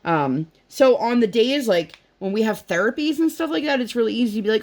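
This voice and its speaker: A woman's voice: lively intonation, a little fast, few pauses, a little mellow. A woman in her thirties chatting casually while she crafts, rambling and telling family stories. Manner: rambling, chatty, acts out her daughter's questions in a higher voice. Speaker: crafting vlogger.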